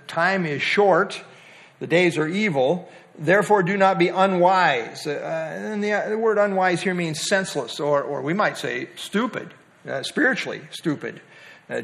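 A man's voice: high-pitched, a bit bright. A man leading a Bible study, teaching in a conversational way with many fillers and questions to the group.

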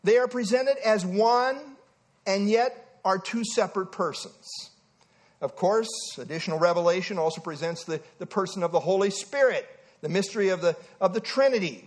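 Man, preacher, sermon, emphatic, animated, high voice. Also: normal speed.

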